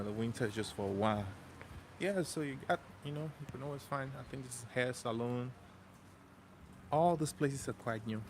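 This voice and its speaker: Chatty man walking a busy street. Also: medium pitch. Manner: relaxed, chatty, slangy, repeats himself. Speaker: vlogger walking a city neighborhood. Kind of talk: casual storytelling walk-and-talk. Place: outdoors on a city street, walking. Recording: street traffic noise behind.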